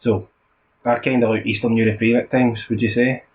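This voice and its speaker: A man's voice: medium pitch, fairly quick, a little hiss or hum. A Scottish man co-hosting a football podcast, chatting casually and telling stories with lots of laughter. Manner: laughing, animated storytelling. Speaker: podcast co-host. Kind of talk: casual chat. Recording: muffled lo-fi podcast audio.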